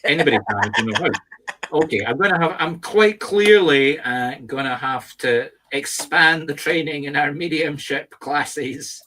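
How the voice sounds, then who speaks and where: A man's voice: on the high side, expressive, moderate pace, pushed and bright. A middle-aged man with a Scottish accent, co-hosting a casual chat, talking in an emphatic, instructive teacher's tone. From Scotland. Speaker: medium and co-host.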